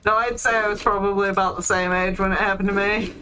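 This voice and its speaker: Woman co-host, bright sharp tone, loose chatty gameplay banter with plenty of ums. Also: mid-range voice, fairly even intonation, fast talker, low-quality recording. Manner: chatty, laughs easily, lots of ums. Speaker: co-commentator. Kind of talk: casual gameplay chat.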